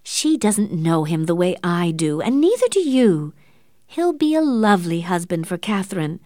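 A woman's voice: fairly low pitch, big pitch swings, moderate pace, dark tone, dry recording, clean studio sound. A woman reading an audiobook, voicing a fond, gushing middle-aged aunt who speaks in an effusive, insistent way.

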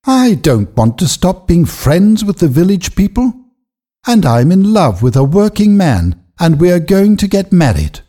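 A man's voice: high-pitched, sing-song, a little slow, warm tone, voice pushed up, full character voice. A man voicing a firm, loyal young village woman in a storybook reading, speaking with resolve.

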